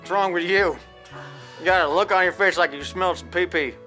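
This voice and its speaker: A man hosting a cooking show, joking and teasing in a deadpan way. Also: sits high, brisk. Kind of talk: comic cooking show banter. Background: faint music, sizzling pan.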